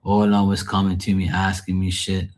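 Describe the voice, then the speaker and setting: A man's voice: low voice, monotone, a little fast, a little mellow. A man giving a tarot reading on a live stream, chatting loosely, joking and swearing freely. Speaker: tarot reader. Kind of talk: casual live-stream chat.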